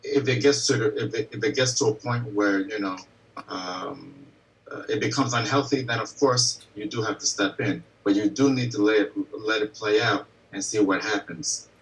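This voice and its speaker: Halting lower-voiced man giving advice. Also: recorded from a distance, rough recording. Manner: halting, repeats words while thinking. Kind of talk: casual advice talk.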